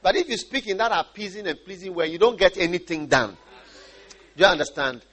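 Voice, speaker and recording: A man from Ghana preaching a sermon, animated and often repeating and restarting his phrases. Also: sits high, fairly quick.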